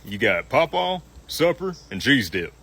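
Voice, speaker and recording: Husky folksy Southern man. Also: mid-range voice, sing-song, a little slow, bright, forceful tone. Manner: teasing, folksy, stubborn. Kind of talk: casual couple video.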